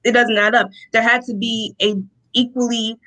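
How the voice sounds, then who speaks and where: A young woman from Rochester, New York, giving a personal testimony as an interview guest, telling her story in an animated way and acting out the lines of the people in it. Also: fairly high pitch, moderate pace, rough recording. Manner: animated storytelling, acts out quotes, laughs often.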